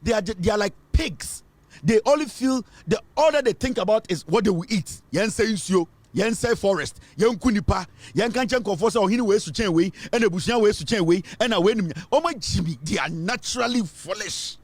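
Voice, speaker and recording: A man's voice: high-pitched, lively intonation, moderate pace, no room sound. A man with a Ghanaian accent giving emphatic political news commentary, switching between English and Twi.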